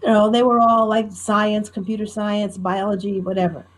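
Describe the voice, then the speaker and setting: A middle-aged woman with a faint New Jersey accent, a professional storyteller talking in a lively, self-deprecating way in an interview. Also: mid-range voice, normal speed. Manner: animated, self-deprecating, tells anecdotes with quoted dialogue. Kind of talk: conversational interview.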